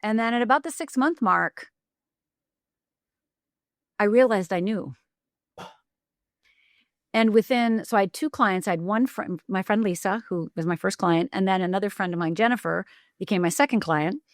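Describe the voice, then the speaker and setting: Animated storytelling woman, dry close mic. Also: mid-range voice, dry recording. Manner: acts out quoted voices, fast bursts with restarts. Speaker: podcast guest, life coach.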